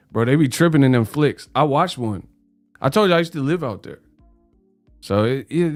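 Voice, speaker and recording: A man's voice: mid-range voice, lively intonation, moderate pace, pauses often, dry recording, faint music behind. A man hosting a live boxing talk stream in loose, slangy, joking chat, drifting into mock British voices. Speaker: host. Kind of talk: casual livestream chat.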